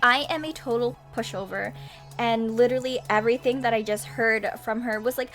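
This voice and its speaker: A young woman telling a personal story straight into her webcam mic. She is chatty and animated, with frequent laughs and sighs in a slightly high voice. Soft music sits faintly behind her. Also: brisk. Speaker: vlogger. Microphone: webcam microphone.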